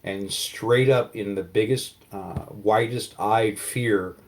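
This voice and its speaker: A man's voice: lowish voice, slow pace, slight background noise. A man narrating as game master, in vivid, casual storytelling with many fillers.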